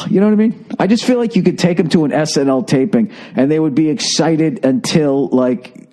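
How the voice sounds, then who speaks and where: A man's voice: mid-range voice, animated, normal speed, darkish tone. A middle-aged man ranting profanely in a casual comic monologue, repeating words as he builds up steam. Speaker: podcast host.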